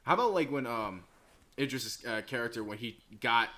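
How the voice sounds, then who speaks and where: Man, mid-pitched, halting podcast talk with lots of "you know" and "um". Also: animated, pushed and bright. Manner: hesitant, many fillers, laughs. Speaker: co-host of a movie review podcast. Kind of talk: casual conversation, movie review.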